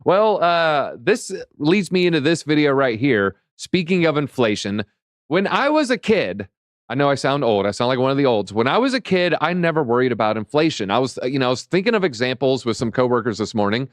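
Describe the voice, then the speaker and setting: A man co-hosting a casual crypto livestream, joking and telling animated stories about market data. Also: mid-range voice, a little fast, few pauses, no echo, clean studio sound. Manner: jokey, animated storytelling. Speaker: crypto show co-host.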